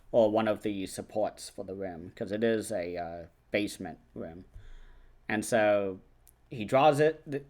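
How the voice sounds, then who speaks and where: A man hosting a film review channel, retelling a movie's plot in a loose, chatty way with many fillers and quick acted-out lines. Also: fairly low pitch. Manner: acts out characters' lines in quick asides. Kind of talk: casual film recap and review.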